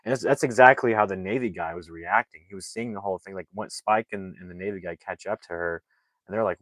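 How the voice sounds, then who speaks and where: Deep voiced guy rambling thru a movie recap, says like a lot, dry sound. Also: fast talker, fairly bright tone, dry recording, poor audio. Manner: rambling, heavy use of "like" fillers and restarts. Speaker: movie reviewer. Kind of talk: casual plot recap.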